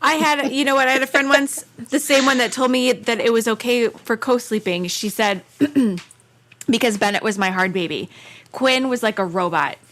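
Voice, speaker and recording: A woman's voice: a little high, moderate pace, fairly bright tone. A woman in her thirties, a podcast guest in casual chat, telling stories in an earnest, candid way. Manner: earnest storyteller, candid and frank.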